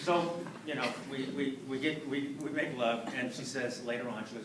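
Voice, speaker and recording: A man performing a stand-up comedy set, telling a story in an animated way and putting on voices for the punchlines. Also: medium pitch, normal speed, hardly any pauses, distant mic, noisy background. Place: live venue with audience. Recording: echoey room, mic heard from afar, loud audience laughter. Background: audience laughing.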